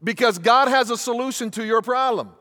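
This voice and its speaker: A man's voice: extremely high pitch, fairly quick, pushed and bright. A man preaching as a pastor to his congregation, repeating key phrases and asking questions for the crowd to answer. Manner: call-and-response, repeats phrases for emphasis. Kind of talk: sermon. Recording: long hall reverb.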